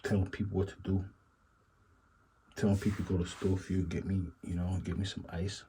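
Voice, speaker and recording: A man with a very deep, mellow voice talks through a casual reaction commentary. He rambles and muses, circling back to the same asides over and over. A faint background hiss sits under his voice. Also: level tone, brisk, low-quality recording. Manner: rambling, repeats stock phrases, musing asides. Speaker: commentary channel host.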